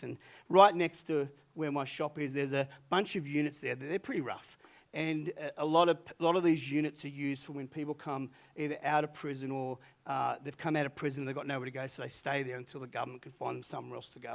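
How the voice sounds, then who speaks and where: A man's voice: a little high, vocal fry. A man, a pastor delivering a sermon as a rambling, conversational story with frequent restarts and retold dialogue.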